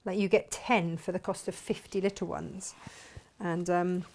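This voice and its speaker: A woman's voice: on the low side, steady tone, unhurried, creaky, darkish tone. Chatty woman sewing on camera. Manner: chatty, self-mocking, talks while working. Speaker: sewing vlogger and shop owner. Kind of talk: casual sewing tutorial chat.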